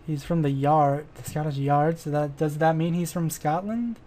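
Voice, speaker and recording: A man's voice: fairly high pitch, moderate pace, few pauses, warm tone. A man giving casual let's-play commentary, rambling and self-deprecating and trailing off mid-thought. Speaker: gamer.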